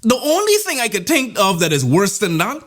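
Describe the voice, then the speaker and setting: A man telling a comedic story in an animated, rambling way, full of playful asides. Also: sits high, brisk. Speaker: vlogger.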